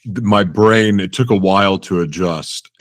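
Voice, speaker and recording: A man's voice: fairly low pitch, a little slow, no room sound. A man hosting a podcast interview, chatting casually, laughing often and acting out his own reactions in a self-deprecating way. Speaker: podcast host.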